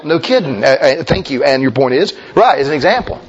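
A man's voice: lively intonation, a little fast, few pauses, slightly rough, muffled recording. A man preaching a folksy, emphatic sermon as a pastor, talking straight to his congregation. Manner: folksy, emphatic preaching, mimics objectors in a high voice.

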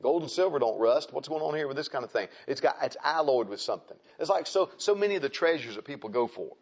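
A man's voice: mid-range voice, expressive, fast talker, breathy edge, dull audio. A man preaching a sermon in a folksy, conversational way, asking his listeners frequent rhetorical questions.

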